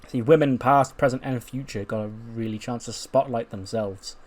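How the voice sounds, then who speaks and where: A man's voice: medium pitch, moderate pace, a little mellow, natural voice. A man voicing a brash female wrestler who boasts and brushes off her rivals, in a cocky, taunting manner. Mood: boastful.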